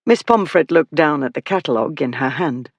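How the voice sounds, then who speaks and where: Steady audiobook narrator, dry close sound. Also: medium pitch, a little fast, creaky, no echo, muffled recording. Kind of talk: scripted narration.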